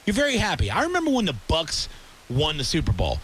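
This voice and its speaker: Male sports radio host, high, lively voice, heated ranting delivery. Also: quick pace, slight background noise. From Tampa area. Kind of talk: sports talk rant.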